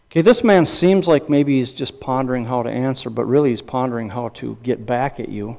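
A man's voice: mid-range voice, fairly quick, creaky, few pauses, darkish tone. A man preaching a sermon as a pastor and counselor, emphatic, with repeated phrases and rhetorical questions.

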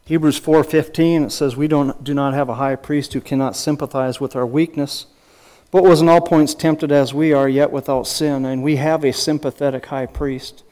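Delivering a sermon, the middle-aged man uses a voice on the high side with a dark tone, fairly even intonation and a moderate pace. He teaches earnestly, quoting scripture and asking rhetorical questions, restarting often and adding chuckled asides.

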